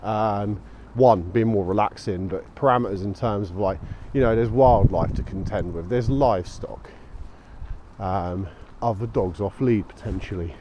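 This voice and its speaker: A man with a lowish, dark-toned voice rambles unhurriedly to his action camera while walking his dog through streets and fields at dusk, pausing to call out commands. The vlogger's action camera mic captures poor audio with obvious traffic and street noise.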